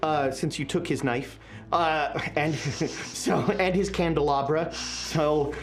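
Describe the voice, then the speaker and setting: A woman running a tabletop horror game as game master, narrating scenes in a descriptive, unhurried way and laughing often. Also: low-pitched, fairly even intonation, slight background noise.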